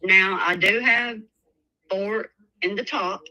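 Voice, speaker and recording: Slow, soft-spoken Tennessee woman caller. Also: mid-range voice, fairly even intonation, rough recording. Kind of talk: phone call to a show.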